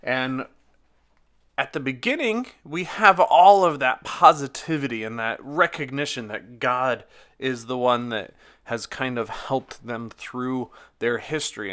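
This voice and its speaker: A man's voice: mid-range voice, a bit bright. A man who reads a psalm with emphatic stresses and then reflects on it, thinking aloud with fillers. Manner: emphatic, with strong stresses on key words. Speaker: scripture reader and commentator. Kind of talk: dramatic scripture reading then reflective commentary.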